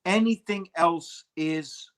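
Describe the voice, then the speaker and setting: A man's voice: a little high, slow, a bit bright. A man co-hosting a casual podcast discussion, talking emphatically and calling his co-host bro. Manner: emphatic, conversational, says "bro" often.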